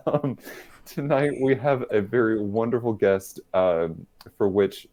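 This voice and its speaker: A man's voice: on the low side, slow, darkish tone. A man hosting a livestreamed podcast over a video call, playful and self-mocking, laughing often as he chats. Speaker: podcast host. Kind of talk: casual livestream podcast chat.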